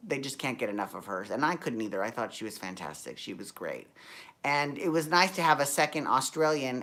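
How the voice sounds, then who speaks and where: Low-voiced sassy woman recapping a show. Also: a bit bright. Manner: sassy, campy, gossipy with slangy asides; rambling, self-correcting. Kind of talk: casual TV recap chat.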